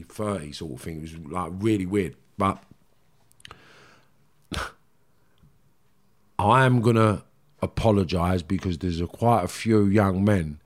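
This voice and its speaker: A middle-aged man with a Cockney accent, bluntly recounting his past in a rambling interview. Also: low-pitched. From London, England. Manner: blunt, rambling, frequent "do you know what I mean". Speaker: guest. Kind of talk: candid interview storytelling.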